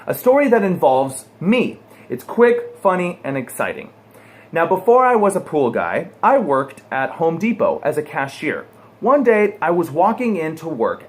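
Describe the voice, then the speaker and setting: An American pool guy vlogger tells a personal anecdote to camera, animated and acting out the quotes. His voice is on the high side.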